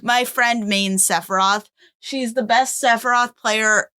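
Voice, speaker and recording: A woman's voice: fairly high pitch, steady tone, unhurried, bright, forceful tone. A young woman from Canada, a guest on her father's podcast, chatting bluntly and giggling often. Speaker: podcast guest, host's daughter. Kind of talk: casual podcast chat.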